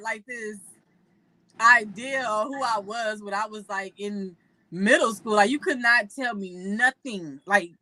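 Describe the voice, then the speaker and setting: Bright, animated young woman co-host. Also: medium pitch, takes it slowly, no room sound, rough recording. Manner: animated storytelling, quoting herself. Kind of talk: casual chat.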